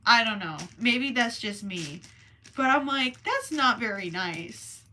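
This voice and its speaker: A young woman chats on her livestream in an unhurried, meandering way, often trailing off and poking fun at herself. Her voice is bright and sits a little high. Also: sing-song, a little hiss or hum. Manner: slow, rambling and self-deprecating, with soft asides. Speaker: crochet livestream host. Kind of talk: casual livestream chat, reading chat messages.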